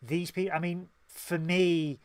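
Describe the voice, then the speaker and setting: A man's voice: high-pitched, fairly even intonation, unhurried, no room sound. A man with a Northern English accent, co-hosting a casual podcast and speaking in an impassioned, emphatic way. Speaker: podcast co-host.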